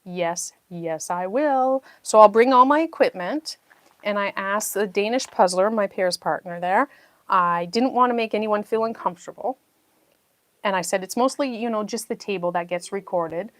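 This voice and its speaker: A woman's voice: mid-range voice, moderate pace, no echo. A middle-aged woman from New Brunswick, chatting and telling a story while hosting a puzzle livestream. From New Brunswick, Canada. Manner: chatty storytelling, reading viewer chat aloud. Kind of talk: casual livestream chat.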